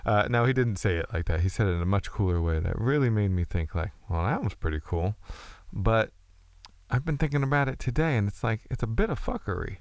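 A man's voice: fairly low pitch, lively intonation, brisk, no room sound. A man hosting a casual chat, telling loose, profane, rambling stories with frequent restarts.

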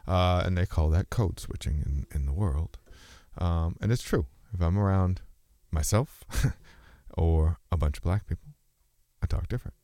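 A man with a very low voice thinks out loud in a loose, meandering monologue. He stops and restarts his sentences and sometimes drifts between registers of speech. The recording is close and dry, with no room sound. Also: moderate pace, dry recording. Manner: rambling, musing, self-interrupting. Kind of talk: casual philosophical monologue.

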